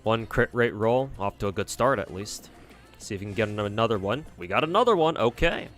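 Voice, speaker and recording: A man's voice: fairly low pitch, animated, fairly quick, fairly bright tone. A man streaming a game, chatting casually and swearing freely as he mutters to himself. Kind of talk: casual gameplay commentary. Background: faint game music.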